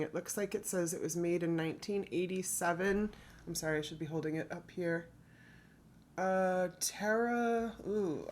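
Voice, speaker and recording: A woman's voice: lowish voice, a little hiss or hum. A woman from the United States chatting casually as she shows off her thrift finds, rambling and correcting herself as she goes. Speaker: thrift reseller vlogger. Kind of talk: casual haul chat.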